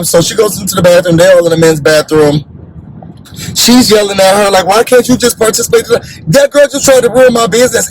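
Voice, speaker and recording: Sassy high-voiced man recapping TV. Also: a little hiss or hum, low-quality recording. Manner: sassy, blunt, acts out quoted cast members. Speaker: reality TV recap host. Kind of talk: animated recap commentary.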